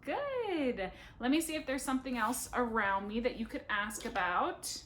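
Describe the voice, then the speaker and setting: A young woman speech therapist talks on camera from her living room. Her fairly high voice slows right down to model each practice question, then she drops in playful, self-teasing asides. A faint hiss sits under the recording. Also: expressive, a bit bright. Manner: slow, deliberate modeling of practice phrases.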